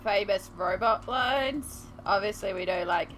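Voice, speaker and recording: Slow-talking giggly woman streamer. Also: medium pitch, a bit bright, a little hiss or hum, low-quality recording. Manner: chatty, giggly, talks to chat. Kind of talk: casual live-stream chat while colouring.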